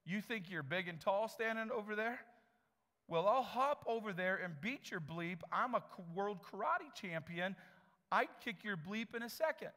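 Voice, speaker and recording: A pastor acts out a blustering, hotheaded man who brags and threatens. The voice sits high and loud, and a long church reverb trails it. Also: lively intonation, moderate pace.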